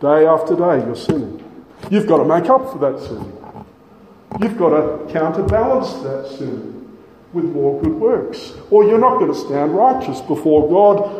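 A middle-aged man preaching a sermon, emphatic, slowing down and repeating his key phrases. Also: fairly high pitch, big pitch swings, mellow, slight background noise. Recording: echoey hall from a distance.

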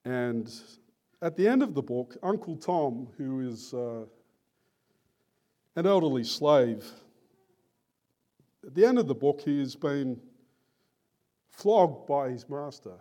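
A man preaching a sermon in an earnest, deliberate and emphatic manner. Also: medium pitch, lively intonation, dark tone.

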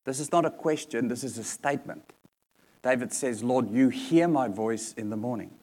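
Male preacher, sermon, earnest, repeats points for emphasis, mid-pitched voice. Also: normal speed, warm tone.

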